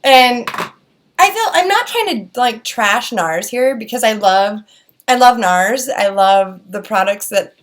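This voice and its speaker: A woman's voice: on the high side, lively intonation, slow pace. A young woman with a Wisconsin accent, chatting casually through a beauty product review, rambling with lots of fillers and restarts. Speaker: beauty vlogger.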